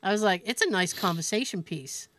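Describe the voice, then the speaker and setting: A woman co-hosting a podcast, telling a story in an animated, profane way and laughing as she goes. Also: mid-range voice, brisk, no room sound. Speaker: podcast co-host. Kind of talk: casual storytelling chat.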